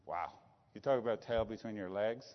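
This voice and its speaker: A man's voice: lowish voice, normal speed. Irish guy telling a business story, keeps saying right?, big echoey hall. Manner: anecdotal, tag questions like "right?". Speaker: business executive. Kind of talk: conversational storytelling. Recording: dull lo-fi sound with long reverb.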